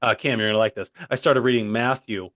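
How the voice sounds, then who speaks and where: Quick-paced and fairly bright, this young man's mid-range voice keeps a fairly even intonation. Co-hosting a comedy podcast, he rambles off on tangents, keeps saying "by the way," and the audio is close and dry, echo-free.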